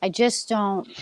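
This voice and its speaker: A woman's voice: medium pitch, dry recording. A middle-aged woman on a video call, talking earnestly about spiritual things in long rambling runs. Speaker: panel guest. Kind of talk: casual group chat on a call.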